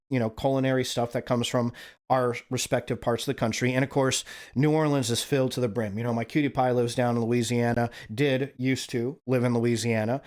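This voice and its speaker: A man's voice: mid-range voice, darkish tone. A man from Wyoming hosting a stream, telling a rambling, casual story and tagging "right?" onto his sentences. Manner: rambling, profane, frequent "right?" tags. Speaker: stream host.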